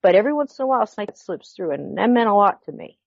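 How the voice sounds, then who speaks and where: A woman's voice: medium pitch, rapid-fire, gravelly, dry recording. Middle-aged woman telling a story, lo-fi. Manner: animated, acts out quoted dialogue. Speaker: podcast guest. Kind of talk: personal storytelling. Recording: dull lo-fi recording.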